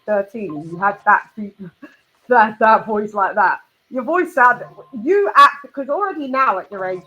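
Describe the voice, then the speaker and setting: Chatty, higher-pitched woman hosting. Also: pushed and bright, muffled recording. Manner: chatty, laughing, swearing banter. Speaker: host. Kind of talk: casual boxing chat livestream.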